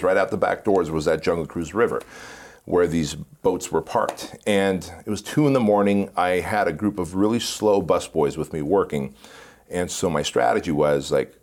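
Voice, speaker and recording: A man guest in an interview, telling animated stories and laughing often. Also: low-pitched. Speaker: podcast guest. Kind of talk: casual storytelling interview.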